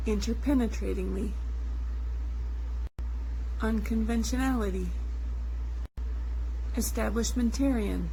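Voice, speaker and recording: A woman's voice: a little high, a little hiss or hum. A woman teaching a poetry class, explaining step by step and checking in with the listener as she goes. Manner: friendly explaining, checks in with "right?". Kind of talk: online class lesson.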